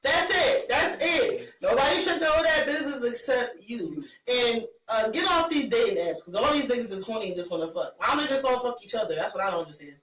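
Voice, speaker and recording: A woman's voice: a little high, animated, brisk, hardly any pauses, a bit bright. A woman co-hosting a casual chat show, talking bluntly with lots of fillers and laughs. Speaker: podcast co-host. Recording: echoey room from far off, faint noise.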